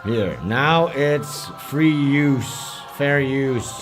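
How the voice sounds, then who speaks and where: A man hosts a live stream in a relaxed, irreverent way, cracking jokes and swearing as he reacts to a film. His pitch sits in an ordinary middle range. Film music plays clearly behind his voice. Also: extremely slow. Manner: joking, irreverent, swears freely, laughs at what he watches. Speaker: livestream host. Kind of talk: casual commentary while watching a film. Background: music from a film playing.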